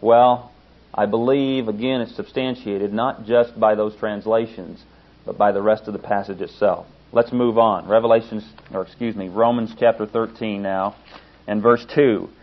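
A man's voice: lowish voice, fairly even intonation, moderate pace. A man giving an earnest, emphatic sermon-style Bible teaching, stressing points as he works through a verse. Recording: dull lo-fi recording.

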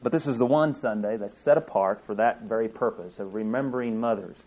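A man's voice: fairly low pitch, a little fast, a little mellow. Man preaching a folksy sermon, muffled recording. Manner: folksy, earnest delivery with frequent fillers and restarts. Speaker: pastor.

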